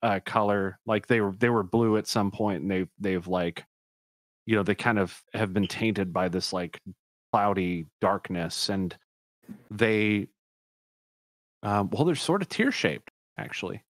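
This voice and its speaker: A man's voice: fairly low pitch, measured pace, no room sound, studio quality. A man narrating a tabletop game as dungeon master, rambling and correcting himself as he describes things.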